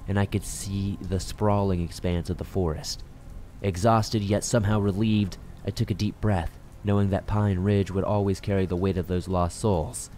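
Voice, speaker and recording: A man with a fairly low voice reads a horror story aloud. His delivery is measured and dramatic, building suspense line by line. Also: mellow, a little hiss or hum. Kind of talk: scripted horror narration.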